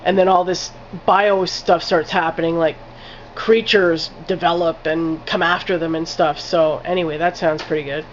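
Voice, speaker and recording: A woman's voice: lowish voice, fairly even intonation, moderate pace, a little hiss or hum. Woman film reviewer, casual vlog delivery, rambling and profane, muffled lo-fi recording. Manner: rambling, many "like" fillers, casual swearing.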